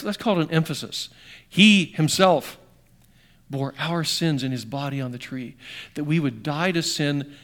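A middle-aged man preaching a sermon conversationally, asking his congregation questions and swinging between emphatic bursts and quiet, slowed passages. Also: on the high side. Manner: conversational, asks the audience questions. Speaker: pastor.

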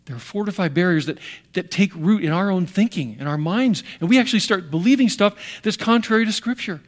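A man's voice: high voice, lively intonation, brisk. An older American man preaching a sermon, telling stories animatedly with restarts and sound effects. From United States. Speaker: pastor.

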